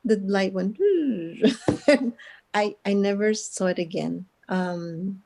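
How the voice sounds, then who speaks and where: Woman from Guatemala, interview guest, earnest storytelling, laughs often, mellow warm tone, middle pitch. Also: expressive, extremely slow. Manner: earnest, with frequent laughs and restarts.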